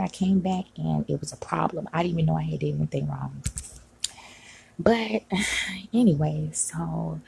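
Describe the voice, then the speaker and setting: A woman venting in an upset vlog, talking agitatedly and sometimes dropping to a hush, recorded at home on a phone. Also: on the low side, creaky, slight background noise, poor audio. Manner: agitated, venting, frequent "like" and "you know". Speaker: vlogger. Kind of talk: upset personal vlog rant. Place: home room.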